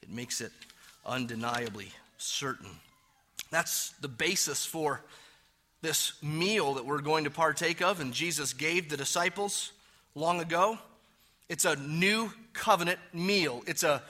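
A man delivers a sermon from the pulpit in a fairly high, bright, forceful voice. He presses hard on key words, then sinks into quiet, low phrases before building up again. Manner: emphatic preaching, swinging between loud stresses and hushed low phrases. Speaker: pastor.

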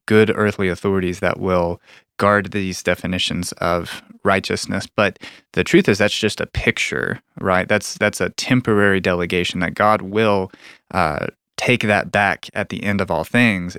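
A man's voice: sits low, a bit bright, clean tone, no echo, clean studio sound. A man earnestly explaining theology in a conversational discussion, often restarting his sentences.

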